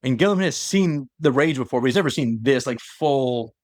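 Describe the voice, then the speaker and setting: A man's voice: mid-range voice, lively intonation, normal speed, darkish tone, no echo, clean studio sound. A young man co-hosting a podcast, retelling a story in a loose, rambling way with asides. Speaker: podcast co-host. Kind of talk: casual chat retelling a story.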